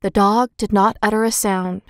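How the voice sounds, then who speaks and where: A woman narrating a children's book in a clear, expressive storytelling manner. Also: medium pitch, normal speed, dry recording, studio quality. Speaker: audiobook narrator.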